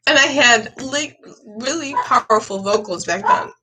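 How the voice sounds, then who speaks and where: An older woman chats to her camera in a rambling, emotional way, wandering from one thought to the next. Her voice sits a little high and sounds bright and clear, and she takes her time with each phrase. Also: unhurried, poor audio. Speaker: vlogger. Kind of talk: casual chat to camera.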